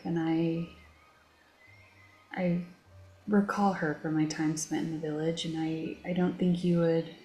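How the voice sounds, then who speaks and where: A woman voicing a sympathetic adventurer, speaking softly and hesitantly to reassure. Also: fairly low pitch, roomy sound.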